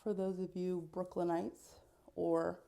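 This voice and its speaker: A middle-aged woman chatting casually in a get-ready-with-me vlog, telling her story in an unhurried way with dry little asides. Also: lowish voice, level tone, creaky, mellow, slight background noise. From United States. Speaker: vlogger.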